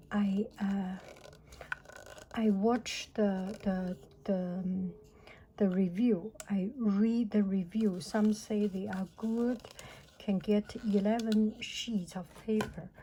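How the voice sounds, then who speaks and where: A teacher, speaking softly and often half-whispering in an unboxing vlog, with excited exclamations. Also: female voice, mid-range voice, poor audio. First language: Mandarin Chinese. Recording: clicking noise in the background.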